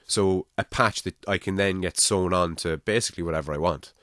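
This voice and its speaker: A man with a Navan Irish accent hosting a casual podcast chat, thinking out loud and swearing freely. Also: sits low, fairly quick, dry recording, studio quality. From Ireland. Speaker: podcast host.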